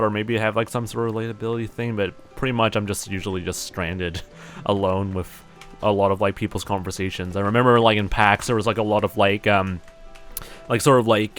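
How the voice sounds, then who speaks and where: A man's voice: on the low side, a bit bright. A young man from New Zealand chatting casually on a live stream, rambling and self-deprecating with lots of fillers and restarts.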